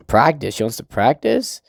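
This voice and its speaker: A man's voice: medium pitch, very animated, measured pace, creaky, no echo, clean studio sound. A young man reviewing a manga chapter in a casual, rambling recap, with swearing and laughter.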